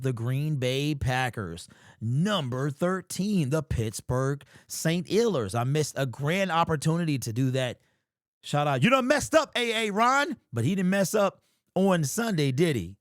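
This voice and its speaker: A man hosting a sports fan vlog, talking in casual, animated commentary with slangy, emphatic exclamations. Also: medium pitch, no room sound, clean studio sound. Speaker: sports fan channel host.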